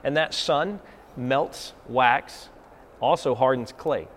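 A man's voice: medium pitch, slow, a bit bright. Southern man, co-host of a faith talk, homespun analogies, easygoing delivery, light background noise. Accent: Southern American. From Southern United States. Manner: folksy, uses homespun analogies. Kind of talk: casual faith discussion.

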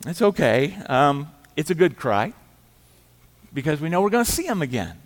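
Middle-aged preacher guy, higher voice, chatty sermon, long church echo. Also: very animated, a little fast. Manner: conversational storytelling, acting out quoted voices, dropping quiet for emphasis. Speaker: pastor. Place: church sanctuary. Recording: church hall reverb.

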